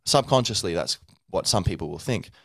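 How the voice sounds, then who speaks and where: A man's voice: low voice, animated, a little fast, fairly bright tone, dry recording, clean studio sound. A man hosting a podcast, speaking in a loose, rambling monologue full of fillers and sounding tired from little sleep. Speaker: podcast host.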